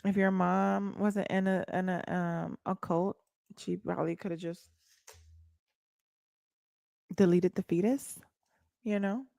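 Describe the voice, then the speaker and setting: Blunt mocking woman livestreamer, low voice. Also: fairly even intonation, slow, gravelly, long pauses, mellow, dry recording, studio quality. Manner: blunt, mocking, talks straight to viewers. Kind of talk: casual livestream chat.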